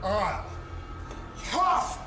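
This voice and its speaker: A man playing a menacing male horror villain breaking in, bellowing drawn-out taunts. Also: high-pitched, very animated, exaggerated voice. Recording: loud music over the voice.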